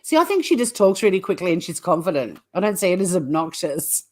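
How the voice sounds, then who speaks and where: A woman's voice: fairly low pitch, very animated, quick pace. A woman hosting a true crime channel, chatting casually and bluntly on a livestream, swearing freely and rambling as she reacts to live chat.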